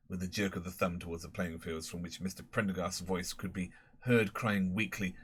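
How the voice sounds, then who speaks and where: A man narrating a novel in a measured, understated way. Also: low voice, fairly even intonation, breathy edge. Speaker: audiobook narrator. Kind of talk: scripted narration.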